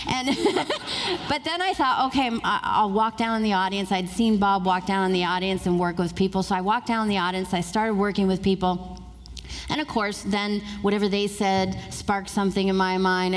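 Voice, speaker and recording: A woman speaker telling a lively story to a live audience, acting out quotes and laughing often. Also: medium pitch, normal speed. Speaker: motivational speaker. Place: large room with a live audience. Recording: reverberant hall.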